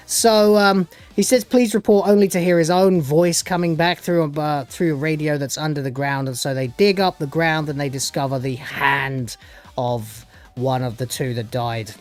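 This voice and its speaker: A man's voice: fairly high pitch, fairly even intonation, moderate pace, soft background music. A man giving a casual spoken recap of a TV episode as a reviewer, sarcastic and dismissive, rambling with many fillers. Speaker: show reviewer.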